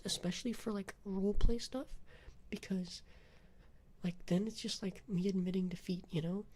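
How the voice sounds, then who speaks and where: A young man chatting with viewers on a live ASMR stream, rambling with many fillers and switching between whispering and soft talk. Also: sits high.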